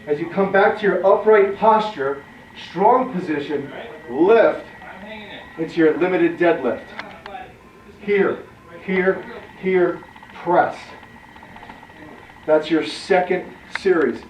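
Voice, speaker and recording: A man's voice: sits high, slow pace, long pauses. A male fitness trainer giving a workout lesson, calling out short commands and counting reps aloud as he demonstrates. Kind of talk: workout instruction. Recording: echoey, distant, dull sound.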